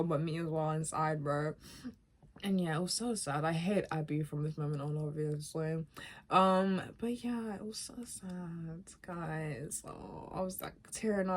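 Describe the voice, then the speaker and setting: A woman vlogger chatting casually as she recaps a video game story, animated and emotional, often laughing and calling her viewers guys and bro. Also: on the low side.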